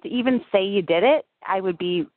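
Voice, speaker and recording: A woman's voice: medium pitch, a little fast, dry recording. A woman guest in a casual interview, rambling with lots of "like" fillers. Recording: tinny dry phone-line audio.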